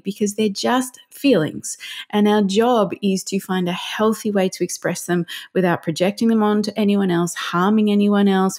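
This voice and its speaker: A woman, a parenting counsellor speaking as a podcast guest, earnest and animated, often acting out what parents and children say. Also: medium pitch. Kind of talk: casual interview chat.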